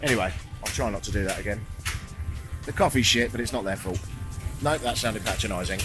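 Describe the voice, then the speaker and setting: Jet-lagged after no sleep, a British man records a travel vlog monologue in his closed-window hotel room, joking at his own expense and swearing casually. He talks briskly in a lowish voice while music runs in the background.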